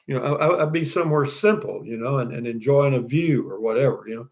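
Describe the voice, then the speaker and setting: A man's voice: medium pitch, fast talker, vocal fry. An older man with a Texan accent, hosting a casual live stream, reading viewer comments and chatting in a folksy, rambling way. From Texas. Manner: folksy, rambling, with frequent restarts and "you know what I mean".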